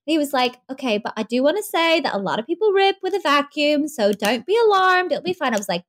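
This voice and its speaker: A young woman, a podcast guest, telling her birth story in an animated way, laughing often. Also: high voice, fast, few pauses.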